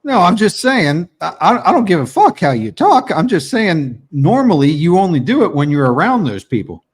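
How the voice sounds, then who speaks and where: A man's voice: sits high, big pitch swings, normal speed, slightly rough. A man co-hosting a podcast in casual chat, teasing his co-host with profane banter.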